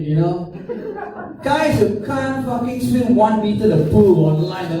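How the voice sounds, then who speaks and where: A man's voice: high-pitched, moderate pace, a crowd in the background. A man performing a profane, ranting stand-up routine. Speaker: stand-up comedian. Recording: very echoey room from far off.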